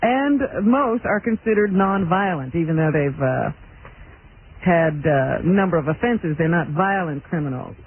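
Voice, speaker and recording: Woman, radio co-host, amused, unhurried, thin phone-like sound. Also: on the low side, lively intonation. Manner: amused, giggly. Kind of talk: news reading and laughing banter. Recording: tinny lo-fi radio broadcast with faint hiss.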